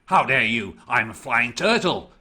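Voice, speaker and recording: An offended turtle, voiced by a man, huffs in a lower, slow, outraged voice in a children's puppet tale. The pitch swings widely with the indignation. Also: very animated, sharp tone, exaggerated voice. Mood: indignant.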